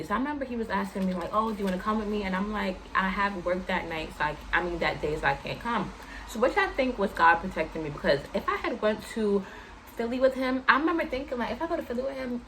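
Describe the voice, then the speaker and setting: Animated young woman telling a story. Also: a little hiss or hum, low-quality recording. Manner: animated, slangy, acts out quotes in higher voice. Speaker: vlogger telling a personal story. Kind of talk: casual storytime chat.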